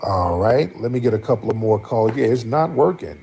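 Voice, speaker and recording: Gravelly blunt man hosting a call-in stream. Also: medium pitch, animated, moderate pace, mellow, slight background noise. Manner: blunt, teasing, talks back to callers. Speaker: livestream host taking callers. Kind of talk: casual call-in talk.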